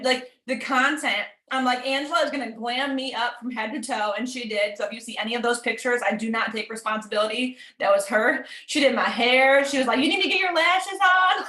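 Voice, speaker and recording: Woman, bubbly, laughing storyteller, a bit high-pitched, echoey room. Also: sharp tone. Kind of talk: casual chat on a group call.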